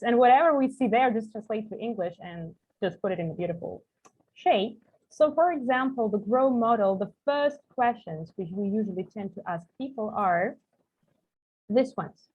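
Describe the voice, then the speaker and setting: Over a tinny video call, a husky-voiced woman with a Russian accent tutors coaches in English online. Her voice sits a little high and sounds animated at a moderate pace as she explains with examples and lots of "like" fillers.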